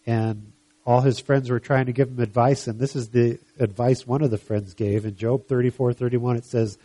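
Mellow, husky-voiced male preacher. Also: medium pitch, dry recording. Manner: reads scripture aloud with rising emphasis, then asks reflective questions. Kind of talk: sermon.

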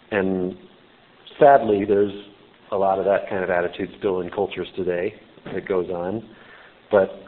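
A male preacher talks through a scripture story in an informal, explanatory way. His voice sits low. The sound is thin and band-limited, like a phone call. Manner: informal, explanatory, with "you know" fillers. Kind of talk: conversational sermon.

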